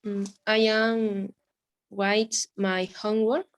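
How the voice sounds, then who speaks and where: A woman's voice: medium pitch, level tone, takes it slowly. A woman student answering over a video call, unsure and correcting herself. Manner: unsure, trial-and-error answers. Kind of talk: answering in class.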